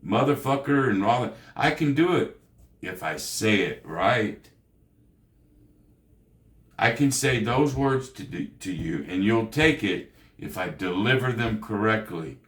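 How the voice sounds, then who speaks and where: Lively-voiced man in an echoey room. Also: fairly low pitch, slow, pauses often. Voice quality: slangy, folksy, lectures the viewer. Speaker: gambling channel host. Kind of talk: late-night casual monologue.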